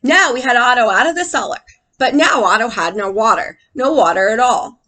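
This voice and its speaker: A woman teacher reads a picture book to children and keeps stopping to quiz them. Her voice is high and bright, with a very lively pitch. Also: brisk. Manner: animated, asks the children questions.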